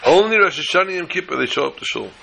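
A man preaching a sermon, telling a parable in an animated storytelling manner with dramatic pauses. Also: high-pitched, vocal fry, slight background noise, rough recording.

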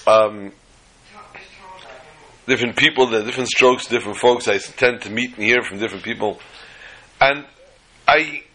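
A man's voice: medium pitch, normal speed, pauses often, sharp tone, poor audio. Rabbi guy teaching a torah class, chatty, tells jokes and acts em out.

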